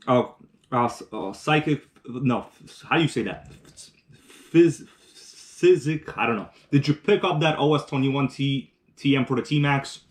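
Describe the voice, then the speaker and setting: A man hosts a casual live stream, eating while he chats and reads viewer comments aloud, rambling with restarts. His voice is mid-range at normal speed.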